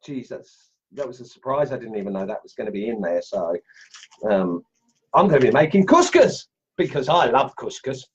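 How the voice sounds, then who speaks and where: A middle-aged Australian man hosting a casual woodcarving livestream from his home workshop, chatty and excitable, laughing as he tests knives and greets viewers. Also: mid-range voice, normal speed, slightly rough, highs cut off. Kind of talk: casual live-stream chat, unboxing and testing knives.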